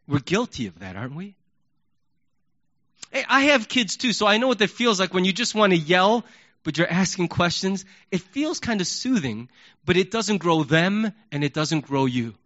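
Guy preaching a sermon, high bright voice, gets animated, kinda muffled lo-fi audio. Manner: animated, acts out yelling questions. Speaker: pastor. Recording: dull lo-fi recording.

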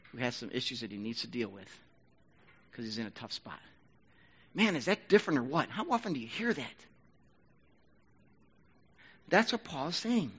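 A man preaching a sermon as pastor, talking conversationally and rising to loud, emphatic bursts. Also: mid-range voice, husky, lo-fi sound.

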